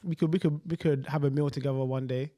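A man's voice: on the high side, steady tone, fast, warm tone. A young man with a London accent, co-hosting a podcast in laid-back, slangy banter with friends. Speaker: podcast co-host. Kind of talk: casual banter among friends.

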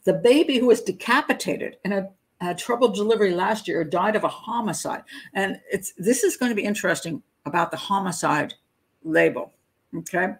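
A woman's voice: medium pitch, moderate pace, low-quality recording. A middle-aged woman hosting a crime profiling show, reading a news story aloud with stumbles and her own asides. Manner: breaks into nervous laughter at grim details. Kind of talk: live patron hangout commentary.

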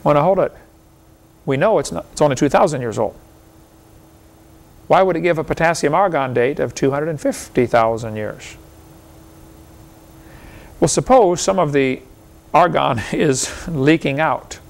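Male seminar speaker, pitched a bit high, argumentative and folksy with a chuckle. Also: unhurried, gravelly, long pauses. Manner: folksy, argumentative, fires rhetorical questions, chuckles often. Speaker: seminar lecturer. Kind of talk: lecture to a live audience.

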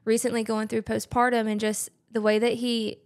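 A young woman, a podcast guest talking earnestly and softly in casual chat. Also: a little high, level tone, moderate pace.

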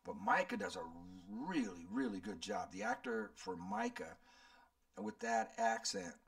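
A man's voice: high voice, very animated, measured pace, vocal fry, fairly bright tone, distant mic. A man in his seventies, a channel host, rambling and thinking aloud as he answers viewer questions. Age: 70s. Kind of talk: casual Q&A chat.

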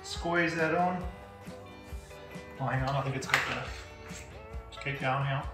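A man's voice: mid-range voice, fairly even intonation, a little slow, over loud music. A man with an Australian accent doing a stand-up comedy set, laid-back and laughing through his lines.

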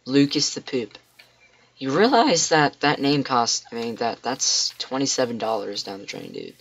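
Excitable man narrating his gameplay. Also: medium pitch, moderate pace, creaky, highs cut off. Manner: excitable, talks to himself with frequent exclamations. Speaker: gamer. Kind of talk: let's play commentary.

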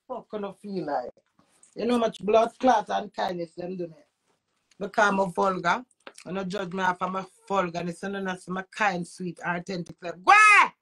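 A woman's voice: medium pitch, steady tone, moderate pace. A middle-aged woman with a Jamaican accent, ranting heatedly and profanely to camera in a personal vlog. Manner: profane, emphatic, with sudden loud outbursts and laughs. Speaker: vlogger.

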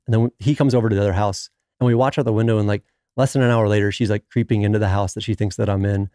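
A man, talking fast in a low, mellow voice. He tells a long story in casual conversation and acts out every quoted line. The sound is close and dry. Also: dry recording. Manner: animated storyteller who acts out quoted dialogue. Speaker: podcast guest.

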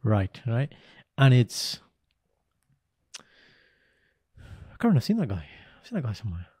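A man from the UK co-hosting a casual podcast chat, telling stories in an animated, teasing way. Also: mid-range voice, unhurried, slightly rough, no echo, clean studio sound. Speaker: podcast co-host.

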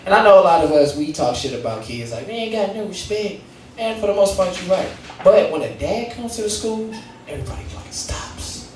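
A male stand-up comedian telling profane stories about fatherhood to a live audience, with shouted punchlines. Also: high-pitched, lively intonation, brisk. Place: comedy club stage before a live audience. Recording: echoey room, mic heard from a distance, audience noise.

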